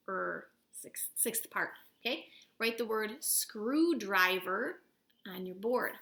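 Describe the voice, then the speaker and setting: A woman with a bright, clear voice, teaching a recorded spelling lesson from home. She speaks patiently and encouragingly, sounding words out part by part. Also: on the high side, expressive, unhurried.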